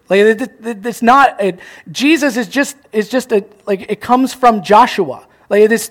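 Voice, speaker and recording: A young man preaching a sermon as pastor, animated, acting out little scenes and joking at his own expense. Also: high voice. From Canada. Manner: animated, acts out voices, self-mocking jokes.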